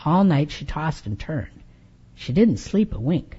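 A woman tells a story aloud during a sermon, slow and dramatic. Her voice rises and falls a lot, with a mellow, husky tone. The recording is dull and lo-fi. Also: deep voice, sing-song. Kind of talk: expressive read-aloud storytelling.

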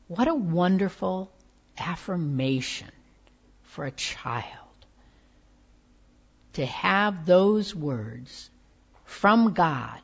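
A woman preaching a sermon, reading slowly with soft, tender emphasis. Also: medium pitch. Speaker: pastor. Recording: dull lo-fi sound.

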